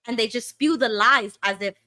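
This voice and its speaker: A woman hosting a casual livestream chat, with a bright, forceful voice. She tells her stories with animation and acts out what others said. The sound is dry and close, with almost no room. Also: on the high side, normal speed, no echo. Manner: animated storytelling, acts out quoted speech. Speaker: host.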